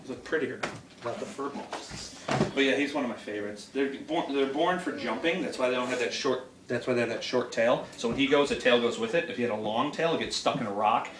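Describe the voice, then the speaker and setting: A man's voice: mid-range voice, fast talker. A middle-aged man, an animal handler, telling jokey stories and laughing as he talks about an animal indoors at home. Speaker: exotic animal handler and educator. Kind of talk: casual storytelling while handling an animal. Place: indoors in a house. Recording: roomy, distant home video with background noise.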